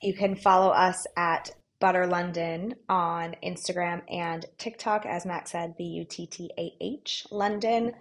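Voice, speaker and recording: A woman with a lowish, gravelly voice talks casually as a podcast guest. She is relaxed and direct, with easy laughter between her points. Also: measured pace, few pauses. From New York area, United States. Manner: relaxed, laughs easily, plainly spoken. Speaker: guest, co-founder of a clothing brand. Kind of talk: casual interview chat.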